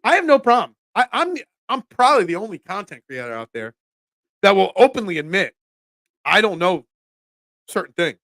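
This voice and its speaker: A man hosting a casual sports talk show, ranting in an animated, self-deprecating way. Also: high voice, moderate pace, pauses often, dry recording.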